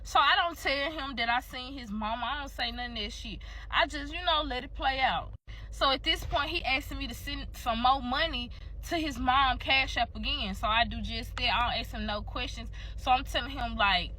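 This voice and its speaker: A woman's voice: sits high, moderate pace, bright, forceful tone, slight background noise. A young woman telling a candid, profane story to her viewers in a casual, chatty way.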